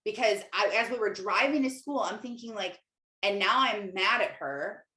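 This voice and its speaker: A woman's voice: medium pitch, normal speed, sharp tone. A young adult woman, a Christian life coach and podcast host, talking candidly in a casual monologue full of "like" fillers. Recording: echoey room.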